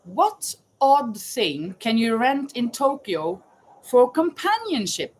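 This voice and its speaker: Slow, chatty woman hosting a quiz. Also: a little high, big pitch swings, breathy edge, low-quality recording. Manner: chatty, reads questions aloud and greets viewers by name. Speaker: livestream host running a trivia quiz. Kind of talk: casual live chat while crocheting.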